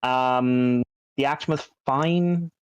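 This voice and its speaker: A man's voice: medium pitch, takes it slowly, smooth, no room sound. A man co-hosting a podcast, chatting casually and rambling with lots of fillers and restarts. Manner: rambling, lots of ums and likes. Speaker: podcast co-host. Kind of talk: casual chat. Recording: dull lo-fi dry sound.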